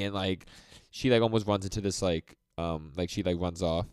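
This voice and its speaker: A man's voice: lowish voice, fast, few pauses, darkish tone, clear, resonant tone, no room sound. A man co-hosting a podcast, chatting casually and rambling through an anime episode recap, acting out the characters' lines. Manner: rambling, many fillers, acts out character lines. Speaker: podcast co-host.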